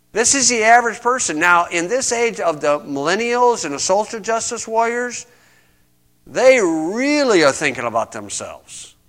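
Male preacher, conversational sermon, high-pitched, bright tone, slow scripture reading. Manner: conversational, emphatic, reads scripture aloud slowly.

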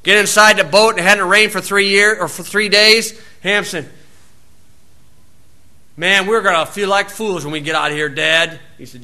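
Bright-voiced folksy male preacher. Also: high-pitched, fairly even intonation, normal speed. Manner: folksy storytelling, acts out voices, loud shouted quotes. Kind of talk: sermon.

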